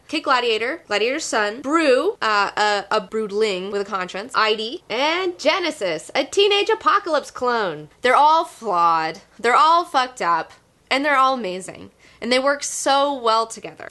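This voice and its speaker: A woman's voice: a little high, lively intonation, moderate pace, sharp tone. A young woman hosting a comic book show, talking in a casual, gushing, profane review monologue with lots of fillers.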